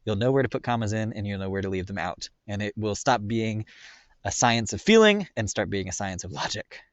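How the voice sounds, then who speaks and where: Low-voiced man teaching a grammar lesson. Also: animated, fairly quick, no echo, muffled recording. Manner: casual, filler-heavy explaining with frequent "right?".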